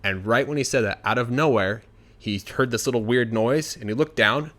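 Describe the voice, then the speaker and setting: A man telling a folk tale in a relaxed, conversational way, adding asides like "you know". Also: mid-range voice, normal speed. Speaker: storyteller. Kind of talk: casual spoken storytelling.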